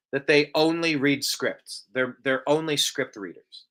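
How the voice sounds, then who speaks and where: A man's voice: medium pitch, measured pace, bright, forceful tone. A man hosting a casual live show, reading out viewer comments and drifting into long, rambling tangents. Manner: rambling, tangential, self-described bloviator. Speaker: show host.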